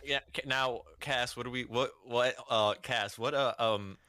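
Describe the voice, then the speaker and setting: A man co-hosting a podcast, talking excitably with lots of restarts in casual chat. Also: mid-range voice, unhurried, clean tone, no echo, studio quality. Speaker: podcast co-host.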